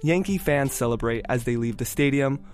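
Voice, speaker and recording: A man's voice: mid-range voice, fairly quick, a little mellow. A man narrating a radio story in a wry, playful way. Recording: music bed under voice.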